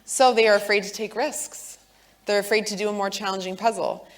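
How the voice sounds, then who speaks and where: A woman in her thirties giving a clear, earnest talk, explaining with examples from parenting. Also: medium pitch, steady tone, a little fast. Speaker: co-speaker on leadership.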